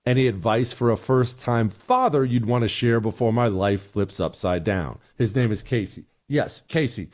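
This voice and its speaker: A man's voice: fairly low pitch, normal speed, few pauses, a little mellow. A middle-aged man hosting a talk show, giving emphatic, sarcastic opinions and answering listener emails. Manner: emphatic, sarcastic, repeats points.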